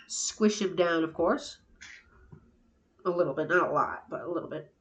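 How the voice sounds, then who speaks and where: A woman chatting playfully to herself while building a craft project, often dropping to soft murmurs. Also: deep voice, normal speed, pauses often. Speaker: craft vlogger. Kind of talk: casual narration while crafting. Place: indoors at a craft table. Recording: roomy echo.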